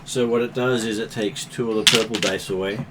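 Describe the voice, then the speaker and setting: A man's voice: on the low side, fairly even intonation, a little fast, very noisy. A man acting as game master, patiently explaining rules with fillers in a tabletop game session. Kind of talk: running a tabletop game over voice chat.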